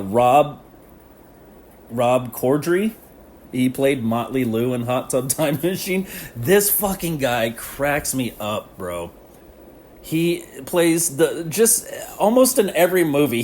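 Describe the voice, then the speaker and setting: A man's voice: medium pitch, a little mellow, slight background noise. A man hosting a casual solo podcast, rambling and laughing often as he talks with lots of slang. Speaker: podcast host.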